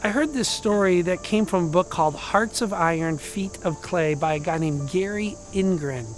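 Male pastor, higher-pitched voice, casual storytelling sermon, loud one moment and hushed the next. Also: normal speed, faint music behind. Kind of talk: conversational sermon.

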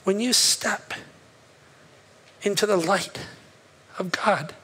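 A man pastor giving a conversational sermon, telling stories, swinging from loud emphasis to hushed lines. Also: sits high, takes it slowly, husky.

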